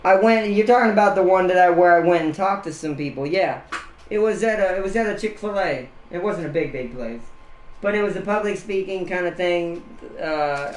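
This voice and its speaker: Man, a touch high-voiced, casual streamer, rambly and giggly, roomy echo. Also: slight background noise. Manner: rambling, laughs often at his own jokes. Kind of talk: casual livestream chat.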